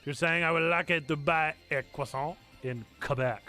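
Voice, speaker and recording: A man hosting a live game stream, chatting casually and yelling excitedly at what happens on screen. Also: fairly high pitch, normal speed, faint music behind. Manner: excitable, yelps and shouts at the game. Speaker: streamer host.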